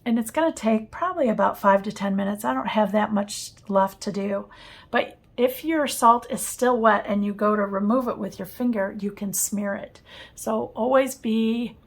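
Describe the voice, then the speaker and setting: A woman talks through a watercolor tutorial in her home studio. Her voice sits at an everyday middle pitch. She sounds enthusiastic and friendly, with a smile in her words and a soft laugh now and then. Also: moderate pace, gravelly. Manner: warm, enthusiastic, often laughing softly. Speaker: watercolor artist teaching. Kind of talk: casual painting tutorial.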